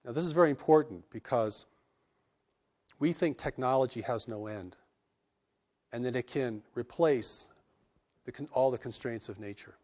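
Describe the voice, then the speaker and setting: A man giving reflective interview answers about spiritual revelations, earnest and measured, often restarting his sentences. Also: medium pitch, darkish tone.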